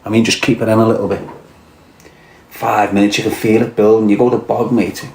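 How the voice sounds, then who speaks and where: Scouse fella, swearing loads, cocky and blunt, roomy echoey sound. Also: male voice, fairly low pitch, little pitch movement, fairly quick, gravelly, darkish tone. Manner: profane, blunt, swaggering storyteller. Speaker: livestream host reading chat. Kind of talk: crude casual chat. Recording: roomy echo.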